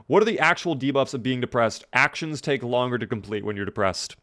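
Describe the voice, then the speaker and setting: A man's voice: mid-range voice, a little fast, pushed and bright. A man streaming a video game live, chatting casually and answering viewer messages as he plays.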